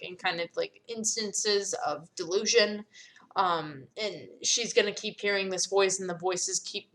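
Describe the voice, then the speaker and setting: A young woman talks candidly about her game in a casual, halting way, with many pauses and small fillers. Her voice sits in an everyday mid pitch. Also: a bit bright. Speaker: game developer. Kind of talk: casual commentary.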